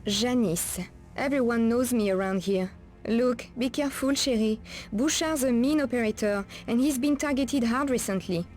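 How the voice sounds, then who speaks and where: A woman's voice: fairly high pitch, normal speed, darkish tone, faint music behind, close to an everyday voice. An actress playing a wary streetwise woman of the night streets, with a French accent and French endearments, guarded and cautioning.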